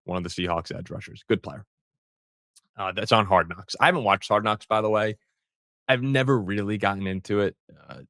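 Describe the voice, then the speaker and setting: A man's voice: low voice, vocal fry, a bit bright, dry recording, clean studio sound. A man hosting a sports show, talking football in a casual, rambling way with frequent restarts.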